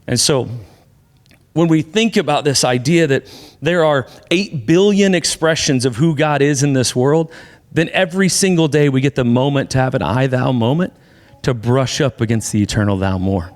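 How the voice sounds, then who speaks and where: A man's voice: medium pitch, moderate pace, in a large hall. A man preaching a conversational sermon as pastor, then introducing a guest speaker. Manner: conversational, animated in asides. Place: church sanctuary.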